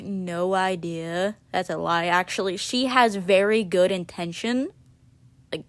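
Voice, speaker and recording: Offhand rambling young woman. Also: medium pitch. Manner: offhand and dismissive, drifting tangents. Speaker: video creator. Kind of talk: casual rambling chat.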